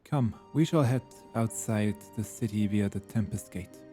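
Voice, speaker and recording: A man reading game dialogue aloud, voicing a gentle male god in mortal form with a French accent and formal, archaic, courteous speech. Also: fairly low pitch, unhurried, faint music behind, lightly acted. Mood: earnest.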